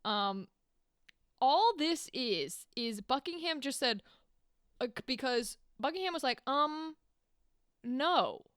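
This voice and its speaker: A woman podcast host retelling a play in a casual, profane, animated way. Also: high-pitched, a little slow, no room sound, studio quality. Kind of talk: casual chat.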